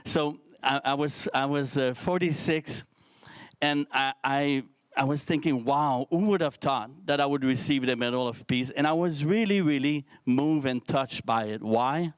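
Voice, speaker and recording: A French-speaking man in his fifties addresses a young crowd in English with a Québécois French accent. His voice is smooth and resonant, close and dry on the stage microphone. He talks candidly and earnestly, breaking off and restarting words as he searches for them. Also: mid-range voice, a little slow, no room sound. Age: 50s. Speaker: keynote speaker. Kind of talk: speech to a youth audience. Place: science centre stage.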